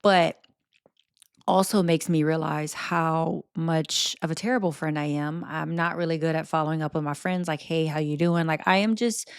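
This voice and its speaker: A woman's voice: sits low, steady tone, moderate pace, vocal fry, clean tone, no echo, clean studio sound. A young adult woman hosting a podcast, chatting candidly and casually about her life, swearing freely. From American South. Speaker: podcast host. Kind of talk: casual chat.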